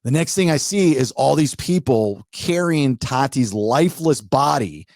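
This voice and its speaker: A man's voice: medium pitch, measured pace, no echo, studio quality. A middle-aged man co-hosting a podcast, telling a story in casual chat and acting out what people said. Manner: animated storyteller who acts out what people said. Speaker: podcast co-host.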